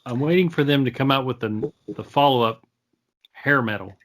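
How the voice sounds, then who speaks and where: A man's voice: medium pitch, normal speed. A man in a casual podcast chat, jokey and ready to laugh at himself. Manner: self-deprecating, jokey.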